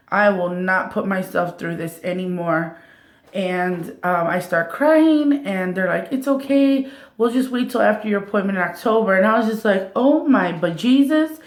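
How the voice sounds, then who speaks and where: Woman in her thirties, echoey room. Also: medium pitch. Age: 30s. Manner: animated retelling, acting out others' lines. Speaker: vlogger. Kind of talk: casual storytelling to camera.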